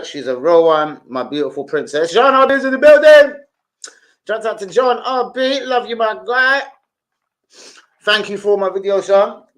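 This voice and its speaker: An older man, chatting casually on a live stream, shouting out to viewers and swearing freely. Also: a little high.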